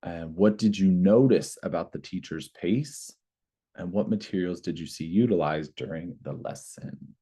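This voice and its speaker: A man with a very low, mellow voice walks trainees through a lesson plan. He explains steps in plain words, with the odd filler as he goes. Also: moderate pace, slightly rough. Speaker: teacher trainer. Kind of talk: presenting a teacher training session.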